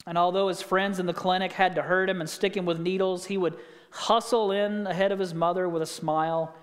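A man preaching a sermon as a pastor, telling stories and asking the listeners rhetorical questions. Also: high-pitched. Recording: long reverb of a hall.

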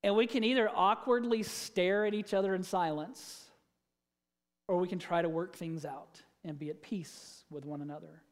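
Preacher, conversational sermon, mid-pitched voice, long hall reverb, church sanctuary. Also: steady tone, moderate pace. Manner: conversational, asks the congregation questions. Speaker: pastor.

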